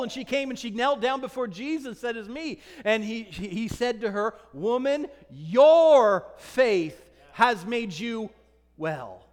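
A man with a very high voice delivers a lively sermon, reading scripture and acting out its voices. His words carry a long reverb, as if recorded in a large church hall. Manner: animated preaching, acting out scripture dialogue. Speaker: pastor.

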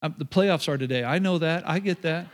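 A man preaching a sermon to a live congregation, lively and joking, with quick asides to the room. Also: a little high. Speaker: pastor. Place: church before a live congregation.

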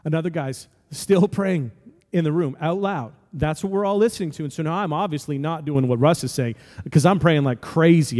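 A man's voice: on the high side, moderate pace, a little mellow. Preaching man in a reverberant hall. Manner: storytelling with emphatic, rising exhortations. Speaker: pastor. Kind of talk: sermon.

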